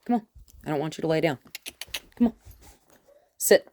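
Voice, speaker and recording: A woman dog trainer who gives calm, firm commands to a dog and explains each step to the viewer. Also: sits low, moderate pace. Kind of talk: dog training lesson, talking to camera and dog.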